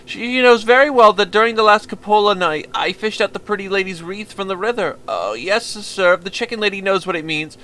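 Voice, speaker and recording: A man voicing a timid young male violinist who stutters, apologizes and pleads in a meek, halting voice. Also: high voice, lively intonation, pushed and bright, voice pushed up. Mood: pleading. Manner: meek and apologetic, keeps saying sir.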